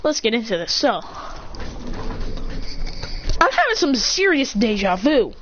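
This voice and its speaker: A woman's voice: on the high side, huge pitch swings, unhurried, a bit bright. A woman casually telling a homemade fan story, rambling and correcting herself as she goes. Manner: rambling, self-correcting, acts out quoted lines. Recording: dull lo-fi recording with faint noise.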